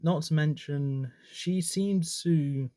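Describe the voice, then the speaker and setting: A man's voice: a little high, slow, dark tone, dry recording, studio quality. A man giving a casual, opinionated film ranking, chatty and often correcting himself mid-sentence. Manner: chatty, opinionated, self-correcting with frequent restarts. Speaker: movie reviewer. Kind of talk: casual movie ranking commentary.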